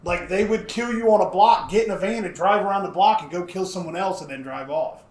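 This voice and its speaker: A man co-hosting a podcast in a home basement, telling stories in an animated, profane way. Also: high-pitched, fairly quick. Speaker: podcast co-host. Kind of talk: casual podcast chat. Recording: roomy basement echo.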